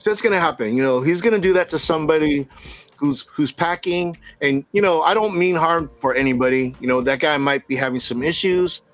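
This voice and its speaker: A middle-aged man casually telling a story from work, animated, laughing often and acting out what people said. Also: on the high side, a little fast.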